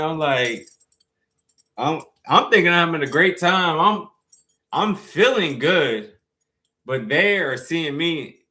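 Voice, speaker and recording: Animated, slangy young male streamer. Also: mid-range voice. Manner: animated, profane, slangy storytelling. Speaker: live streamer. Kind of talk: casual storytelling to a live chat.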